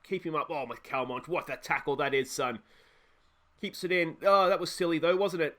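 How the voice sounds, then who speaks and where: A man's voice: fairly high pitch, brisk. Chatty Australian man commenting on a game. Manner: chatty, excitable, talks to his players. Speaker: let's play host.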